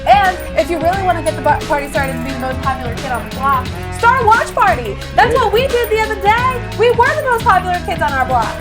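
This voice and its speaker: A woman's voice: extremely high pitch, sing-song, quick pace, few pauses, over loud music. A woman co-hosting a live web show, reading out upbeat, sing-song calls to share and subscribe. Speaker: co-host.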